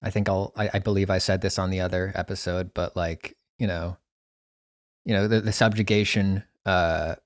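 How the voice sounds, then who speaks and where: Very low-voiced man, rambling podcast chat. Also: level tone, normal speed, dry recording, clean studio sound. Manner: rambling, many restarts and fillers. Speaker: podcast producer and guest. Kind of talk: casual chat.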